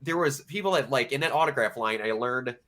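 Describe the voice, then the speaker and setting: A man co-hosting a podcast, telling a personal story in casual chat with emotional, animated storytelling. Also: mid-range voice, brisk. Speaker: podcast co-host.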